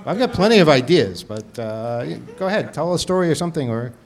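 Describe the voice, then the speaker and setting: A man's voice: on the high side, big pitch swings, brisk. Rambling, self-amused man hosting. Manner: rambling, laughs at himself, many restarts. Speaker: podcast host. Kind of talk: casual chat.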